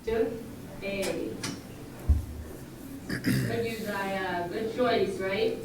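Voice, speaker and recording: A woman teacher leading a phonics lesson in a classroom, brisk and encouraging, calling on children by name, recorded from a distant camera. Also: high voice. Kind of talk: classroom instruction. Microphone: far camera. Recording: distant, very echoey noisy classroom video.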